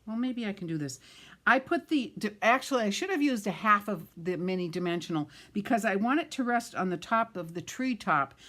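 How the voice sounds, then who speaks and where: A woman's voice: mid-range voice, expressive, fairly quick, bright, forceful tone. A middle-aged woman giving a card-making tutorial while she works, chatty and self-deprecating, tripping over words and laughing it off. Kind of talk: craft tutorial, talking while working.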